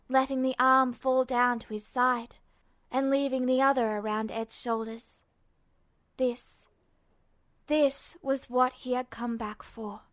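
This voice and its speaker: A woman reading a fanfiction story aloud as a podfic, with steady, measured narration. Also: high voice, dry recording. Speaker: podfic reader.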